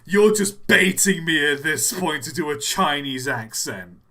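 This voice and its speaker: A man's voice: on the high side, expressive, measured pace, bright, forceful tone. A man hosting a live stream, chatting casually and joking at his own expense. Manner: joking, self-mocking. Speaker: livestream host.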